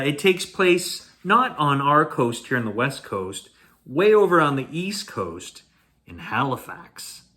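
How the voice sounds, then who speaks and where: A man's voice: on the high side, sharp tone. A Canadian man hosting a bedtime story reading, chatty with playful asides. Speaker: storyteller host.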